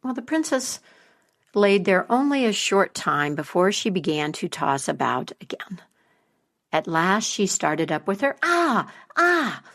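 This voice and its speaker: A woman telling a folk tale as a podcast storyteller, slow and expressive. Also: on the low side, creaky.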